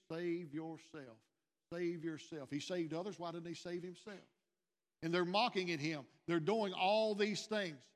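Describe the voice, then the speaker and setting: A man preaching a sermon as pastor, earnest and repetitive, growing louder on key lines. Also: fairly high pitch. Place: church sanctuary. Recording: long church reverb.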